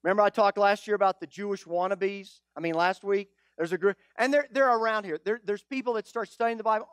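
A male pastor preaching a sermon, animated and teasing, full of rhetorical questions. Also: sits high, fast talker, few pauses, clear, resonant tone, no room sound, studio quality.

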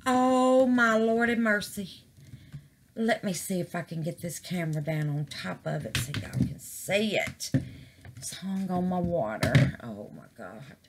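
A woman, chatting casually to camera as a crafting vlogger, excited and full of exclamations, calling her viewers "babies". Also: fairly low pitch, unhurried, noisy background.

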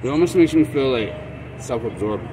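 A vlogger with a medium-pitched, sing-song voice chats casually into his phone while outdoors at an urban bus stop. He rambles and halts, restarting his sentences often, with street traffic noise in the background.

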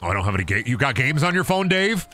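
A man's voice: medium pitch, big pitch swings, quick pace, sharp tone. A young man giving goofy, joking commentary on a game stream, swearing and laughing often.

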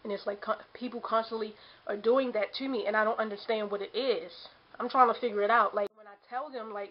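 A woman's voice: medium pitch, fairly even intonation, a little fast. A woman in her late twenties venting on a vlog, exasperated, repeating herself and mimicking the people who nag her. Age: late 20s. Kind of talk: ranting vlog to camera. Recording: dull lo-fi camera audio.

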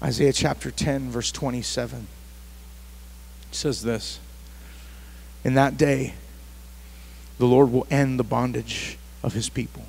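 A man's voice: medium pitch, steady tone, slow, creaky, long pauses, darkish tone, husky. A man pastor preaching a sermon at a church service, emphatic and fond of repeating his phrases.

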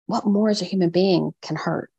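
A woman's voice: lowish voice, moderate pace, creaky, mellow, slightly rough, muffled recording. A woman therapist being interviewed on a podcast, explaining earnestly and acting out quoted voices. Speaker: therapist guest. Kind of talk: conversational interview.

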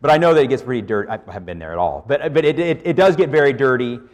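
A man's voice: mid-range voice, lively intonation, racing. A man preaching a conversational sermon, often checking in with his listeners by asking "okay?". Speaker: pastor. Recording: long hall reverb.

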